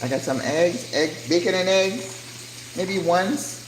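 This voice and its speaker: Chatty older woman cooking, slow talk. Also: fairly low pitch. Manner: chatty, animated, reads viewer comments aloud. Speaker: cooking channel host. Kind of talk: casual cooking livestream chat. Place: home kitchen. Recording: echoey kitchen with frying noise.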